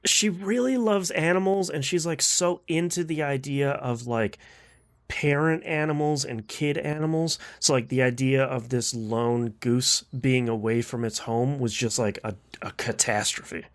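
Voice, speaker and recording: A man hosting a casual video game podcast, chatty and quick to laugh, with frequent fillers. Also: mid-range voice. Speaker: podcast host. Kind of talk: casual gaming podcast chat.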